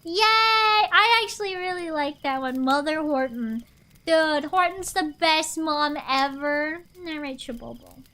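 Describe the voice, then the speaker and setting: High-voiced woman streamer reading slowly. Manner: slow, animated storytelling with chatty asides. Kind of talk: reading a picture book aloud on stream.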